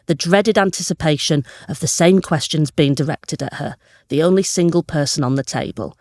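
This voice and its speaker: A woman comedian reading aloud her own comic story, telling it with lively energy and bursts of laughter. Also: deep voice, normal speed, dry recording, clean studio sound.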